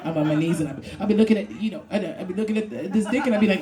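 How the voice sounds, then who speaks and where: A woman's voice: mid-range voice, very fast, hardly any pauses, crowd noise. A woman from Brooklyn doing a stand-up comedy set on a club stage, brash and profane, laughing through her punchlines. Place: comedy club with live audience.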